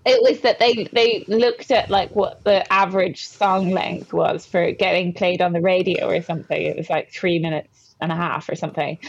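A woman's voice: on the low side, lo-fi sound. A woman co-hosting a podcast in casual chat, rambling a little and laughing often. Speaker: podcast co-host.

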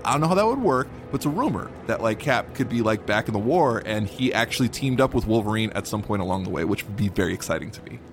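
A man co-hosting a podcast, chatting in an excitable, animated way and acting out playful quotes. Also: fairly low pitch, fast talker, few pauses, soft background music. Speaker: podcast co-host. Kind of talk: casual chat.

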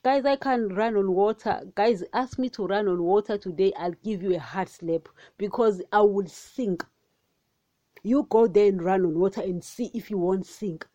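Excitable woman preaching on a podcast. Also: mid-range voice, normal speed, no room sound, dull audio. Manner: excitable, repetitive, addresses listeners as guys. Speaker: podcast host. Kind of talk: casual devotional podcast talk.

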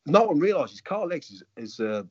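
A man, a former footballer and coach, telling lively anecdotes. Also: fairly high pitch, normal speed, husky, dry recording, dull audio. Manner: animated, acts out quoted voices. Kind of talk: anecdotal storytelling.

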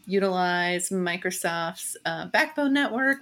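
A woman's voice: on the low side, moderate pace, few pauses, a bit bright. A woman co-hosting a casual tech news chat, playful and giggly, with many fillers. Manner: giggly, playful, puts on silly accents. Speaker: podcast co-host.

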